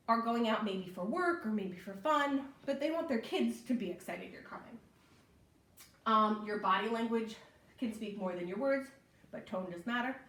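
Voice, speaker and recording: Far from the mic in an echoey room, a young woman with a fairly high voice teaches babysitting online for a library program. The class is casual and chatty, with lots of ums and a habit of asking "right?".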